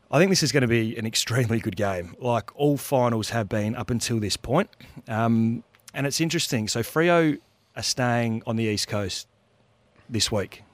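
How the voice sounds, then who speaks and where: A man's voice: medium pitch, no room sound. A man, a former footballer co-hosting radio, laid-back and self-deprecating as he chats about the game. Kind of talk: casual radio banter and sports analysis. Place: radio studio.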